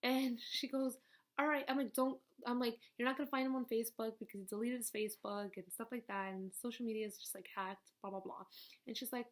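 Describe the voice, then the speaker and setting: A young woman telling a personal story in a casual vlog at home, animated and jumping to high squeals when quoting others. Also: fairly quick. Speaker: vlogger.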